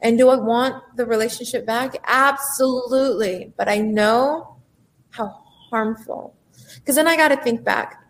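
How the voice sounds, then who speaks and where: Brief: female life coach, expressive and emphatic, a touch high-pitched, motivational delivery. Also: a little slow. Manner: animated, emphatic, acts out inner voices. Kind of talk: motivational talk.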